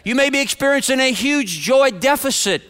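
Pastor, male, clear smooth voice, high for a man; earnest, repetitive sermon delivery. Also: expressive, moderate pace, fairly bright tone. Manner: earnest, direct, repeats phrases for emphasis. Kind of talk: sermon to a congregation.

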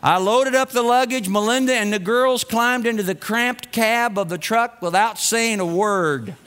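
A man's voice: extremely high pitch, a little slow, a bit bright, clear, resonant tone. A middle-aged man telling a self-mocking, humorous personal story to an audience. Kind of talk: personal anecdote told to an audience. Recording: long reverb.

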